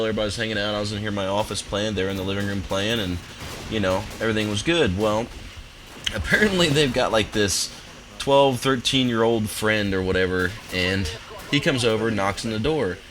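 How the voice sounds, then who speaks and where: A young man commentating his gameplay from a home office, telling a story in a relaxed, rambling, amused way. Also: lowish voice, quick pace, slight background noise, rough recording. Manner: laid-back, rambling, amused. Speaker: gaming commentator. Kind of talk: casual storytelling over gameplay.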